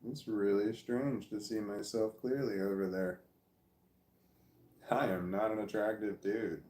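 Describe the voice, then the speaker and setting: A Midwestern American man vlogs in a wandering, self-deprecating monologue that keeps losing its thread. His fairly low voice is steady and mellow, at a measured pace, and the sound is reverberant, picked up by a nearby phone or camera.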